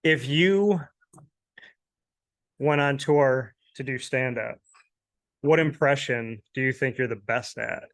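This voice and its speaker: A man's voice: medium pitch, takes it slowly, pauses often, no room sound. Chatty male sports interview host. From Syracuse, New York. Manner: chatty, laughs often.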